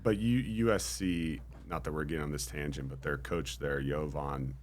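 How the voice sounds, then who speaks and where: A man's voice: rumbling low, fairly even intonation, normal speed, slight background noise. A man being interviewed on a podcast, speaking modestly and thoughtfully with frequent ums. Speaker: interview guest. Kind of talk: casual interview chat.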